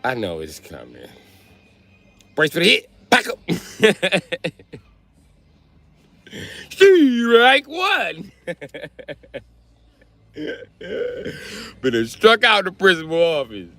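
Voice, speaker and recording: A man streaming live, telling profane stand-up stories in a loud, swearing manner. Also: sits high, no echo. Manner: loud, animated, swearing freely. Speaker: comedian streamer.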